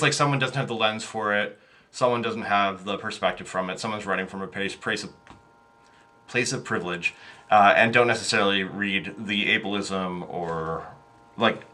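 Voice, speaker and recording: Bright-voiced man, rambling and chatty. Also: fairly low pitch, normal speed. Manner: rambling, many fillers and restarts, laughs often. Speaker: podcast guest, game master. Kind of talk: casual interview chat.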